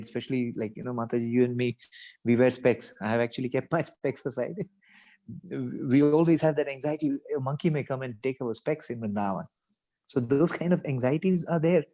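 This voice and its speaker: A man's voice: mid-range voice, warm tone, low-quality recording. A man giving a reflective devotional talk at a scripture reading, thoughtful and rambling, with many "you know" asides. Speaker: guest speaker at a scripture reading.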